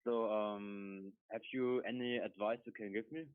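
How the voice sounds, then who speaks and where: A man from Switzerland calling in, speaking halting English with many pauses and ums. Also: fairly low pitch, fairly even intonation, slight background noise. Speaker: caller. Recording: phone line.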